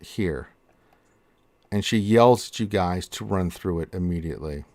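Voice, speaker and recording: A man's voice: low voice, unhurried, darkish tone, no echo. A man narrating as dungeon master in a tabletop game, casual and laughing now and then. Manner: casual, laughs often, fillers while narrating.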